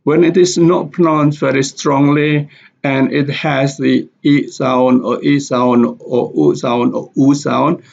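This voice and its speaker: A man teaching English pronunciation, explaining stress and repeating example words slowly and deliberately. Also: medium pitch, gravelly, a little mellow. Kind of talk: slow explanatory lesson with spoken examples. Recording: dull lo-fi recording.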